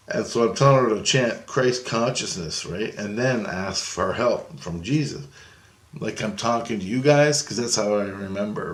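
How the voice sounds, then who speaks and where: A man telling a spiritual dream story to his viewers in a loose, rambling way, full of fillers and restarts. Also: lowish voice. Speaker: video blogger.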